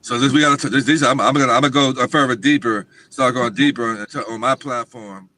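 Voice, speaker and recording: A man's voice: mid-range voice, steady tone, fast talker, sharp tone. A man talking as a guest on a livestream talk show, speaking emphatically and insistently.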